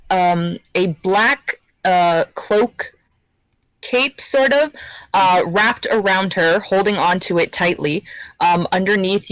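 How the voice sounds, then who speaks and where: A woman's voice: on the low side, fairly bright tone, no echo, rough recording. A woman playing a tabletop game, describing her character hesitantly with many fillers. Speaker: player.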